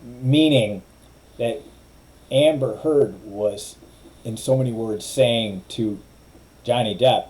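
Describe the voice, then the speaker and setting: A man's voice: medium pitch, takes it slowly, long pauses, a little mellow, low-quality recording. A middle-aged man, a lawyer, giving opinionated, wry commentary in a casual way and mimicking others' phrasing.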